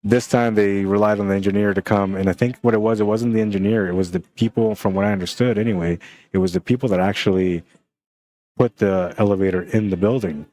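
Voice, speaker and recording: Man, low voice, casual storyteller, chatty and animated, stream commentator. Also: fast. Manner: animated, lots of "man" and "right?".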